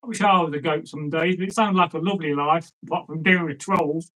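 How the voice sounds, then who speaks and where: Man storyteller, casual folk tales, chatty and rambling, fairly high-pitched. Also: fast talker, a bit bright, poor audio. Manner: rambling, chatty asides, lots of fillers. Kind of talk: casual folk tale telling.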